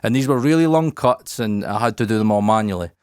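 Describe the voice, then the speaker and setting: A man's voice: fairly low pitch, expressive, fast, darkish tone, clean tone, dry recording, clean studio sound. A man hosting a podcast, talking openly and reflectively and swearing casually. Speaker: podcast host. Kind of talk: candid podcast talk.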